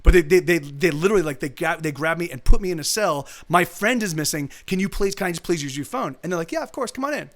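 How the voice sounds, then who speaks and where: A streamer at his home setup tells a long, rambling story in a casual way, often restarting sentences and swearing. His voice is a little high, and he talks at a quick pace with hardly any pauses.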